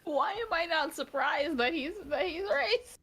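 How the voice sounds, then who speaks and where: A woman's voice: sits high, expressive, moderate pace, a bit bright. A woman guest on a stream, teasing and sarcastic in casual chat.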